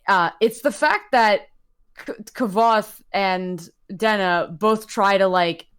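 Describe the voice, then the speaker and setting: A woman's voice: mid-range voice, slow pace, a bit bright, clean tone. A woman co-hosting a casual book club discussion. She laughs often and tries out accents while reading aloud.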